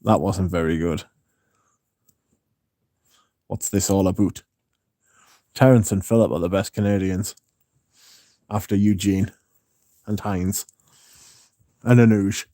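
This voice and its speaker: A man's voice: fairly low pitch, steady tone, measured pace, long pauses, mellow, no room sound, studio quality. A man hosting a livestream, reading live comments in casual chat, laughing often and swearing. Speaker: livestream host.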